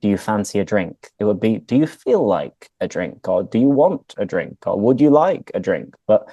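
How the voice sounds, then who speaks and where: A British man hosting a casual chat and explaining phrases for English learners in a relaxed way. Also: on the low side, normal speed, dry recording, lo-fi sound. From Britain. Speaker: host and English teacher. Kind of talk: casual conversation, explaining words.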